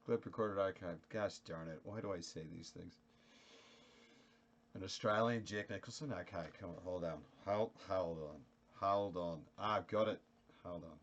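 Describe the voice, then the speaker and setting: A man chatting casually with viewers on a live stream, animated, joking and mocking himself. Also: sits low, normal speed, muffled recording.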